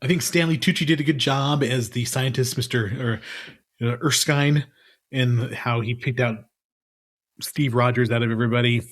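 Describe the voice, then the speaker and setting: Regular guy cohosting a podcast, laughs a lot, rambly, ordinary pitch. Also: steady tone, moderate pace. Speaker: podcast co-host. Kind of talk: casual chat.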